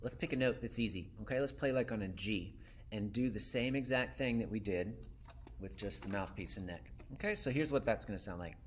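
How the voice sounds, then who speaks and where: A man's voice: on the low side, brisk, slight background noise. A man teaching a saxophone lesson, counting students in and demonstrating with sung syllables. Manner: counts in and calls turns. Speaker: music teacher.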